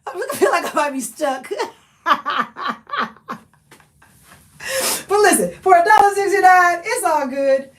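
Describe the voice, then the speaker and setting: This thrift haul livestream host has a very high, animated voice with a fairly bright tone, speaking slowly and pausing often while she laughs and chats folksy with viewers, calling them honey and y'all. She's out of breath and far from the camera mic, frequently stepping away from it in an echoey room.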